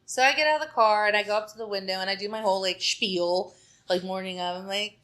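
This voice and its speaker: A woman's voice: medium pitch, fast talker, a bit bright. A woman hairstylist chatting as a podcast guest, telling a story and acting out what people said, with lots of "like". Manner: chatty, acts out quoted dialogue, frequent "like".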